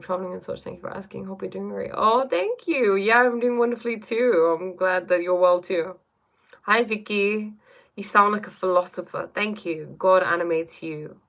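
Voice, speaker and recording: With vocal fry in her mid-range voice, a woman hosts a casual live stream from her bedroom, reading chat aloud and musing reflectively. She often checks in with "right?" and "you know?"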